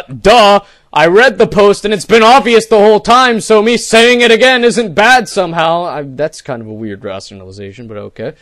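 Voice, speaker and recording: A young man giving a sarcastic, mock-dramatic reading of forum posts, swinging from exasperated shouting to low muttering between lines. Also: no echo. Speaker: comedic reader of forum posts.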